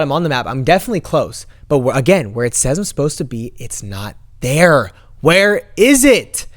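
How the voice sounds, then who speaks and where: A young man vlogging an animated story to camera and acting out the quoted lines. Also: fairly high pitch, no room sound, studio quality. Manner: animated, acts out quoted dialogue.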